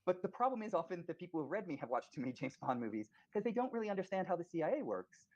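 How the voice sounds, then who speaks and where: A scholar man answering interview questions in a measured academic manner, with frequent "uh" fillers. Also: high voice, very animated, a little mellow, muffled recording.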